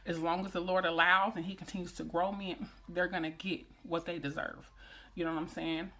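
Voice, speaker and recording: A woman's voice: on the low side, fairly even intonation, fairly quick, pushed and bright. A woman in her thirties talking heart to heart with her viewers, prayerful and earnest, repeating phrases for emphasis. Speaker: vlogger. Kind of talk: emotional personal talk to viewers.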